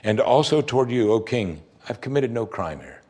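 A man preaching from the pulpit, reading passages aloud and then pressing his points home with growing emphasis. His voice has a husky, slightly breathy grain at an ordinary pitch for a man. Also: animated, moderate pace, a little mellow. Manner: reads scripture aloud and comments with rising emphasis. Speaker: pastor. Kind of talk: sermon.

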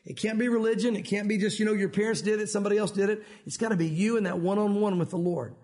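This sermon comes from a Tennessee pastor who talks fast and keeps restarting sentences mid-thought. He preaches in an easy, conversational way with a light Southern accent. His voice sits notably high for a man, with a steady, darkish tone.

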